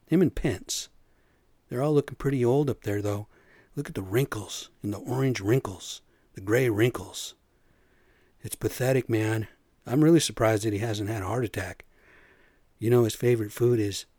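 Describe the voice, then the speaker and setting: A man's voice: medium pitch, unhurried, long pauses, a little mellow, no echo, clean studio sound. A man hosting a podcast, ranting casually with lots of "man" and "you know". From US Pacific Northwest. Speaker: podcast host; construction superintendent. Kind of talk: casual rant.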